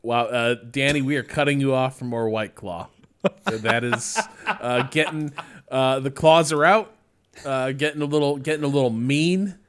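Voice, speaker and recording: A man co-hosting a podcast, relaxed and teasing. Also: medium pitch, moderate pace, clean tone. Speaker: podcast co-host. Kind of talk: casual podcast chat.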